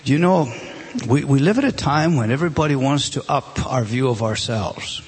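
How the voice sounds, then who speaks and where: A man preaching a sermon, emphatic, repeating words and swinging between loud stresses and quiet asides. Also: mid-range voice, animated, moderate pace, breathy edge.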